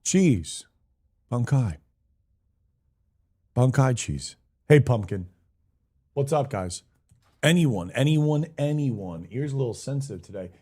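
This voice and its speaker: A man's voice: mid-range voice, animated, takes it slowly, long pauses, mellow. A young man live-streaming a game, chatting casually, greeting viewers by name and swearing now and then in a hyped-up way.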